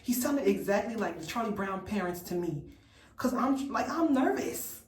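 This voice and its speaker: A woman from Memphis telling a storytime in an animated, incredulous, chatty way. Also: medium pitch, normal speed, reverberant, far from the mic, low-quality recording. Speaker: vlogger. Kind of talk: storytime vlog.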